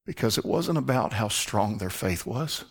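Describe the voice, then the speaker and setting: Low-voiced earnest male preacher. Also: animated, normal speed, vocal fry, husky. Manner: earnest, drops to a hushed near-whisper for emphasis. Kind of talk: sermon.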